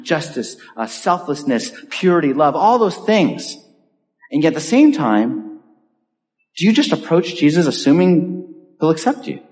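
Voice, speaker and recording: Earnest male pastor in reverberant hall. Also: fairly high pitch. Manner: earnest, pleading, drops softly at phrase ends. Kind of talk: sermon. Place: church sanctuary.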